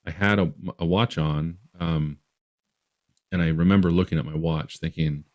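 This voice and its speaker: A man's voice: low-pitched, fairly even intonation, normal speed, a little mellow. A man from Utah, a podcast guest, telling a long story in a rambling way with many restarts.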